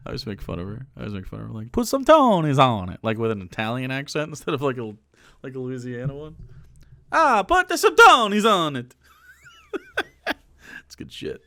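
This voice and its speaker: A man's voice: mid-range voice, fairly bright tone, no echo, clean studio sound. A man streaming live, reacting to a clip with sarcastic, laughing commentary and casual swearing.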